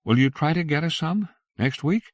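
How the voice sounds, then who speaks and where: A man's voice: low voice, huge pitch swings, fairly quick, creaky, no room sound, studio quality, voice pushed up, full character voice. A man voicing a polite middle-aged wife who talks with strained, placating patience. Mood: patient.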